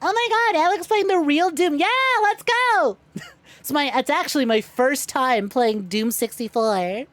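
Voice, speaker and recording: A woman's voice: high-pitched, unhurried, no room sound. A woman streaming a game, greeting her chat by name, swearing freely and laughing often. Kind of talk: casual livestream chat while gaming.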